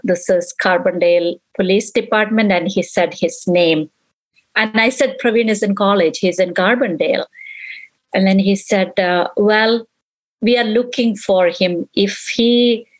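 A middle-aged woman in an interview, recounting a painful memory in halting speech that repeats itself and acts out past conversations. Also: medium pitch, rough recording. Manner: halting, repeats herself, relives quoted dialogue. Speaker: interviewee, mother of victim.

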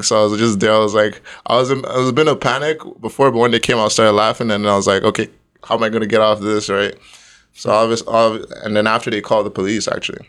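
A man's voice: lowish voice, a bit bright, clear, resonant tone. A young man from Nigeria, the guest, telling a story in casual chat and laughing often along the way.

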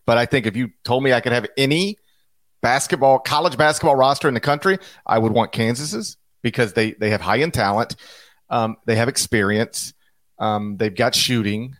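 A man in the middle of the usual pitch range talks through a basketball podcast in an easy, chatty way. He restarts his thoughts and piles on quick asides as he builds his case. The sound is dry and close, with no room around it. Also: a bit bright, no echo. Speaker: podcast co-host, basketball analyst. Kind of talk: casual podcast chat.

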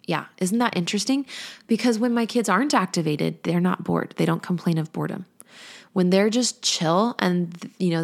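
Candid mom coach with a gravelly voice. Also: female voice, on the low side. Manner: candid, chatty, reflective. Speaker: parenting coach. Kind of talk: casual podcast talk.

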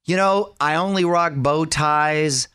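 A man's voice: a little high, slow, clean tone. A man hosting a radio show, chatting upbeat and playful with his co-hosts. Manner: lively, playful, jokey impressions.

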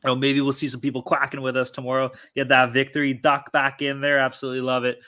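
A man's voice: medium pitch, monotone, quick pace, bright, forceful tone. A man hosting a podcast in casual sports betting chat, loose, profane and hyped-up. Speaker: podcast host.

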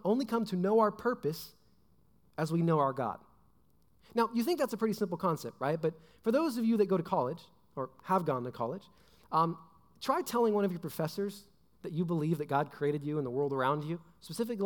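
A young adult man giving a casual sermon, chatty and full of fillers like "like" and "right?". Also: fairly high pitch. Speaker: preacher. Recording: long hall reverb.

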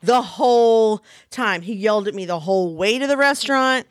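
Animated woman in her forties. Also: on the high side, normal speed, clear, resonant tone, dry recording, clean studio sound. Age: 40s. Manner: animated storyteller, exaggerated retelling. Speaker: podcast co-host, mother of a toddler. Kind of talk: casual chat.

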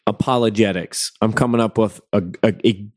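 A man's voice: lowish voice, fairly even intonation, fairly quick, no echo, clean studio sound. A man co-hosting a casual podcast, talking with enthusiasm and spinning playful theories. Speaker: podcast co-host.

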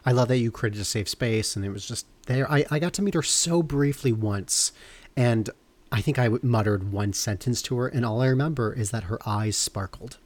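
A man hosts a casual podcast interview, reacting with short bursts of enthusiasm and leading the next question. His voice sits at a middling pitch for a man. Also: normal speed. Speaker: podcast host.

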